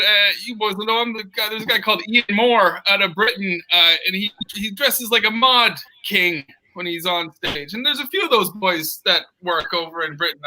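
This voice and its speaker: Man from Canada, comedian guest, video call, high voice, very bright tone, rambling. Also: poor audio. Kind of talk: casual video call chat.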